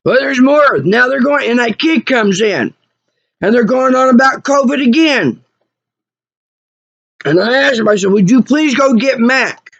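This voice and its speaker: Angry and repetitive, a female vlogger from Oklahoma retells an incident, her voice rising as she goes. Her voice is slightly high, expressive and creaky, unhurried, with long pauses. The audio is dry but muffled and lo-fi.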